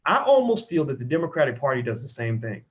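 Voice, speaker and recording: A man giving casual, animated political commentary, swearing and slipping into mock voices to make his point. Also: medium pitch, fast talker, dull audio. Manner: animated, profane, slips into mock voices for emphasis.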